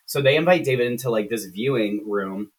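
A man's voice: medium pitch, expressive, brisk. A man co-hosting a podcast, recapping a film in a rambling, profane, casual way full of fillers. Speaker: podcast co-host. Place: room shared with co-host. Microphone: shared computer setup.

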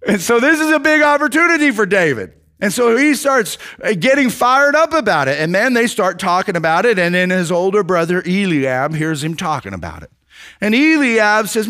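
A man preaching a sermon, retelling a story with lively acted-out quotes, casual fillers. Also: sits high, brisk.

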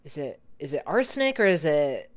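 Low-voiced woman chatting casually. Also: sing-song, a little fast. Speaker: podcast co-host. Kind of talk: casual chat recapping a TV show.

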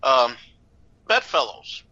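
A man's voice: mid-range voice, very animated, takes it slowly, bright, forceful tone. An older man co-hosting a podcast, telling a rambling story in casual chat with lots of "okay"s and "uh"s. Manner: rambling, with filler okays and uhs. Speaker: podcast co-host. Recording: dull lo-fi recording.

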